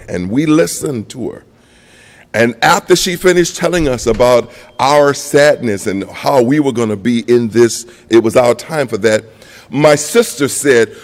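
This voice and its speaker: A man preaches in a church with a long, ringing reverb, his voice sitting mid-pitch. He tells a personal story, rising to high emotional peaks and then falling quiet. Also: expressive, unhurried. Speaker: guest pastor. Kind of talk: preaching a sermon. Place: church sanctuary.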